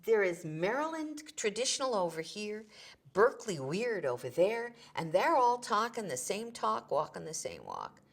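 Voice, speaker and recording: A woman's voice: medium pitch, very animated, normal speed. A woman telling an anecdote in an interview in an emphatic, wry way. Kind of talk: storytelling interview.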